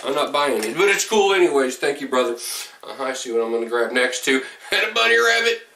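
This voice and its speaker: A man opening a box of gifts on camera, excitable and swearing often, his voice jumping up when something thrills him. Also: medium pitch, brisk, roomy sound, distant mic. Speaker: vlogger opening a fan mail box. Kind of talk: excited unboxing vlog.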